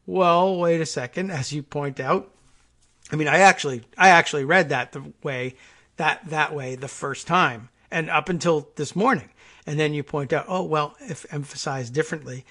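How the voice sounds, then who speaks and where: A man's voice: fairly high pitch, normal speed, a bit bright. A man hosting a political talk radio show, musing wryly in a loose, conversational monologue full of restarts.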